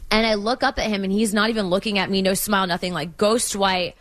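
A woman's voice: medium pitch, fairly even intonation, fast, fairly bright tone. A young American woman, a guest on an interview show, telling personal stories in a rambling, casual way with many fillers and frequent laughs. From United States. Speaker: congressional candidate, guest.

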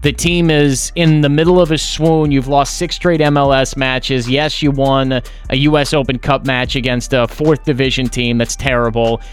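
A man's voice: medium pitch, level tone, normal speed, hardly any pauses, clean tone. A man co-hosting a sports talk radio show, giving emphatic, opinionated takes and complaints.

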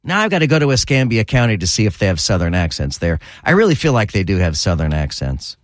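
A talk radio host with a lowish voice and big pitch swings speaks sarcastically and opinionatedly, repeating points and drawing out words for emphasis. It's clean studio sound from a studio microphone, with no echo.

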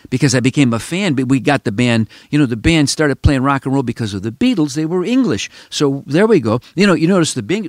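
A man's voice: medium pitch, a little mellow, no echo. A man in his seventies from Chicago, hosting a podcast and talking in a rambling, emphatic way straight to the listeners. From Chicago, United States. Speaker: podcast host. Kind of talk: casual reflective monologue.

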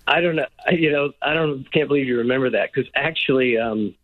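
A man's voice: mid-range voice, a little fast. A man calling into a radio show, stammering and repeating his words as he recalls old bits. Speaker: radio guest. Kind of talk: casual radio chat. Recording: tinny cell phone line.

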